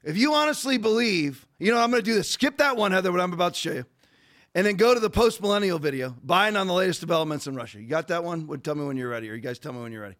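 A man hosting a podcast, giving fast, digressive political commentary full of rhetorical questions. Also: high voice, animated, fairly bright tone. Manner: rapid, digressive, rhetorical ranting. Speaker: podcast host.

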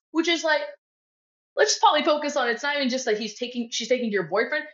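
Chatty swearing woman on a podcast, bit high voice, kinda dull lo-fi sound. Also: fast talker. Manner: profane, animated, quotes film lines in put-on voices. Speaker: guest co-host. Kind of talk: casual podcast chat.

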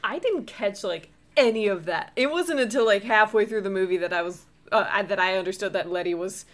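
A woman in the middle of the female range chats as a podcast co-host. She reacts quickly and talks loosely. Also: medium pitch. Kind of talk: casual movie review chat.

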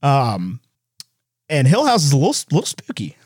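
A man in casual movie chat, animated, with quick asides and voices when he retells scenes. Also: medium pitch, husky, no room sound, clean studio sound.

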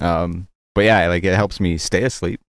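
Deep, smooth-voiced young man. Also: fairly even intonation. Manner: halting, hedging, with many ums and likes. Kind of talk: casual chat.

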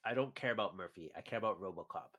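Podcast co-host, male, lowish voice, rambling casual chatter with chuckles. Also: very fast, a bit bright. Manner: rambling, chuckles between points. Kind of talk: casual chat.

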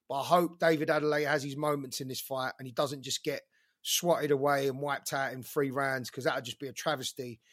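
A man giving a measured, enthusiastic boxing prediction in casual chat. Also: a little high, fairly bright tone. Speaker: boxing pundit.

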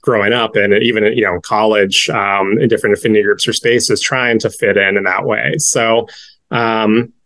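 A man's voice: fairly low pitch, steady tone, no room sound. Reflective man in a dry, close recording. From northeastern United States. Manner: reflective, measured, many soft fillers. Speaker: guest. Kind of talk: conversational interview.

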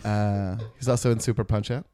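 A man playing a washed-up, self-deprecating aging boxer in an improvised comedy interview, hesitant and deadpan with many filler pauses. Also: on the low side, clear, resonant tone, no room sound, lightly acted.

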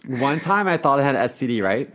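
A man's voice: medium pitch, sing-song, a little fast, a bit bright. Young guy podcast host, rambly candid storytelling, lots of um and like, normal mid voice. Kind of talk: casual chat.

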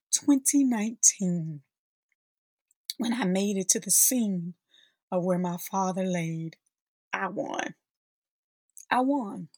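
A podcast host in her forties, her voice on the low side, tells a heartfelt personal story, speaking directly to listeners and calling them sisters and y'all. The recording is dry.

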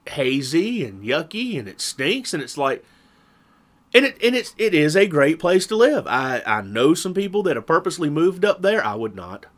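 A man's voice: fairly high pitch, very animated, moderate pace. Man with a Southern Virginia drawl. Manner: rambling storyteller, chuckles often. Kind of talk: casual chat.

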